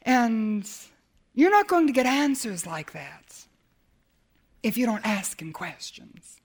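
A woman preaching a sermon as a Bible teacher, dramatic, swinging from emphatic lines to hushed ones. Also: on the high side, sing-song, slow.

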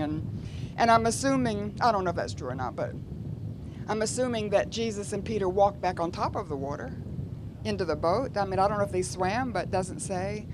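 A woman's voice: medium pitch, expressive, brisk, noisy background. A woman preaching a sermon in a conversational way, with frequent rhetorical asides to her listeners.

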